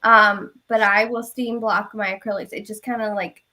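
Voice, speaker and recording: A woman's voice: mid-range voice, level tone, moderate pace, pushed and bright. A woman with a Southern US accent, a guest on a live online Q&A, talking in a casual, easygoing way with many fillers. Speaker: guest designer.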